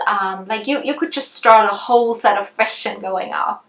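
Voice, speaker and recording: A woman teaching about empathy in a relaxed, conversational way, thinking aloud with frequent ums and restarts. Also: medium pitch, moderate pace, hardly any pauses. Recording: roomy echo.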